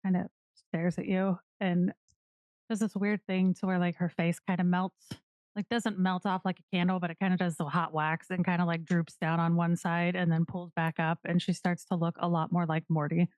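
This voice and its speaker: A woman's voice: on the low side, little pitch movement, normal speed, a little mellow, no room sound. A woman narrating as game master in a tabletop game, rambling loosely with many fillers.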